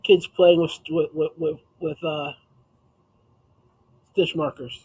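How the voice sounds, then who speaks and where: A chatty man hosting a relaxed livestream, his voice pitched notably high. He reads viewers' comments aloud and answers them with easy laughter in a loose, conversational way. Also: slow, breathy edge, poor audio. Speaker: livestream host. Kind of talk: casual livestream chat.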